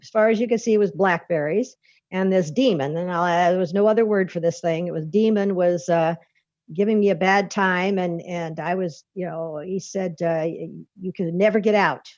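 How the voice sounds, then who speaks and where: A woman's voice: on the low side, normal speed, darkish tone, dry recording. A woman guest recounting a personal experience in an interview, a vivid storyteller who laughs often and restarts her sentences. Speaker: author and podcast guest. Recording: dull lo-fi dry recording.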